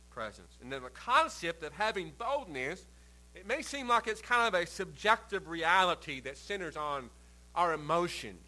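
A man preaching a sermon, stressing words emphatically and letting phrase endings fall quiet. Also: sits high, low-quality recording.

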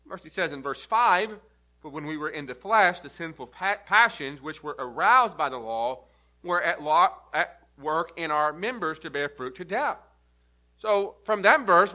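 A pastor delivering an earnest sermon, teaching step by step and leaning hard on key words. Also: male voice, sits high, bright, forceful tone. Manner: earnest, emphatic teaching with repeated stresses. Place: church.

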